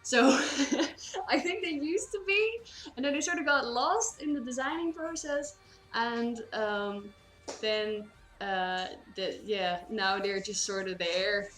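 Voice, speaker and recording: A woman's voice: on the high side, slow, a bit bright, roomy sound. A woman from the Netherlands with a Dutch accent, chatting casually on a cosplay stream, rambling with lots of fillers and restarts.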